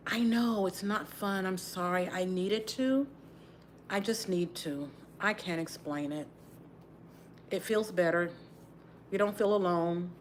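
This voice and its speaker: Middle-aged woman from Texas, livestream chat, subdued and sighing, close to tears; faint background noise. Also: mid-range voice. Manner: sighing often, subdued and grieving, talks while twisting her braids. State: holding back tears. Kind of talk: casual livestream chat while doing her hair.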